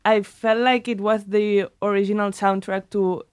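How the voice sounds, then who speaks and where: A young woman chatting on a podcast with a smooth, clean voice. She is giggly and self-deprecating in tone. The sound is dry and close. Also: mid-range voice, level tone, normal speed, darkish tone, no echo. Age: young adult. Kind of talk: casual chat.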